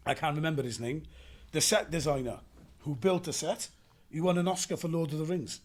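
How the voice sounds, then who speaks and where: A young adult Welsh man, an actor telling animated stories in a casual interview and acting out gunfire with sound effects. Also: fairly high pitch, a little fast. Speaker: actor guest.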